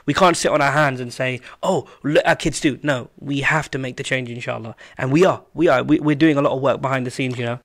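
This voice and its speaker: Man, podcast host, relaxed, joking, mid pitch. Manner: relaxed, joking, quick reactions. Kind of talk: casual podcast chat.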